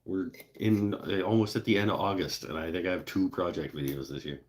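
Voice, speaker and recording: A man's voice: low-pitched, fairly even intonation, a little fast, a little hiss or hum. A man hosting a woodworking live show, chatting in a rambling, laid-back way with casual swearing. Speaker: woodworking channel host. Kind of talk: casual live-stream chat.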